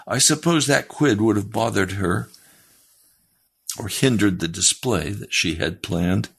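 A man's voice: lowish voice, a little slow, gravelly, a bit bright, husky. A male preacher retelling a first-person story in his sermon, emphatic and challenging his listeners directly.

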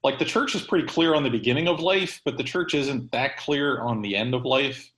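A man's voice: mid-range voice, fairly quick, fairly bright tone, roomy sound, low-quality recording. A man hosting a podcast in casual chat, rambling with many fillers and restarts. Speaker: podcast host.

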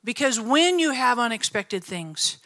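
Middle-aged woman preaching, bright voice, a bit high, animated storyteller. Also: measured pace. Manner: animated storytelling with frequent laughter. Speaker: pastor. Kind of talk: sermon.

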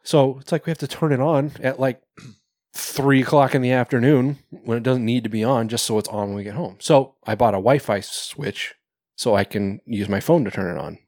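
A man's voice: medium pitch, normal speed, a little mellow, dry recording, clean studio sound. A man hosting a podcast in casual chat, rambling, swearing and laughing often. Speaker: podcast host.

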